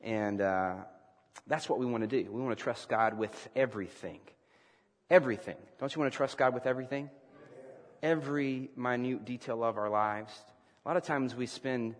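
A man preaching a sermon as pastor to his congregation, animated and shifting his emphasis and loudness as he speaks. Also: medium pitch, long reverb tail. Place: church sanctuary.

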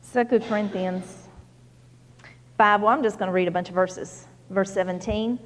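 A woman's voice: medium pitch, steady tone, normal speed, long reverb tail, a little hiss or hum. A woman preaching a sermon in a folksy, conversational storytelling manner, full of "you know"s.

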